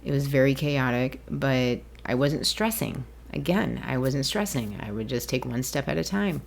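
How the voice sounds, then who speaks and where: Woman, low voice, solo podcast host, rambling and chatty, laughs easily. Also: animated, normal speed, creaky, slight background noise. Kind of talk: casual solo podcast monologue.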